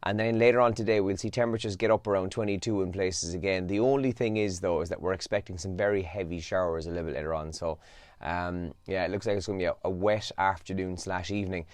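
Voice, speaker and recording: A young man hosts his breakfast show on his own, sounding tired as he chats through the headlines. His voice sits fairly low. The sound is close and dry, with no room around it. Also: fairly even intonation, fast, dry recording. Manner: casual and chatty, with yawns and asides. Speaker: radio host. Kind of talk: solo breakfast show, reading newspaper headlines.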